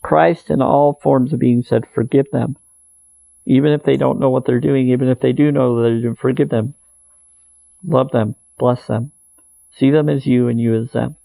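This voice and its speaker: A man's voice: medium pitch, fairly even intonation, moderate pace, vocal fry, warm tone, no echo, low-quality recording. A man giving an earnest, meandering spiritual monologue, repeating phrases as he goes. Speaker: spiritual video maker.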